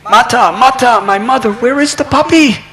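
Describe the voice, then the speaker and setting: A man acting out an upset little boy who pleads with his mother, his voice high and hurt. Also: moderate pace, sharp tone. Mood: hurt pleading.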